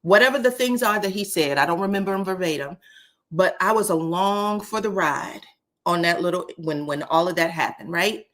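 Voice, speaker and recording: A woman chats through a live stream in a slightly low voice. She is animated and talkative, turning often to speak to her viewers in the chat. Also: normal speed. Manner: animated, chatty, addresses the chat directly. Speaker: livestream commentator. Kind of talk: casual live-stream commentary.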